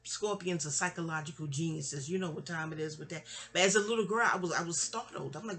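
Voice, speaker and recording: This woman in her forties speaks fast in a lowish, slightly bright voice, barely pausing as she tells family stories. She rambles with candor, trails off and begins again, and mimics others when quoting them.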